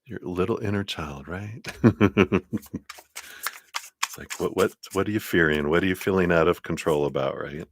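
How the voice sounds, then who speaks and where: A man's voice: sits low, normal speed, a little hiss or hum. A man hosting a casual live tarot reading, chatty and reassuring, who laughs often.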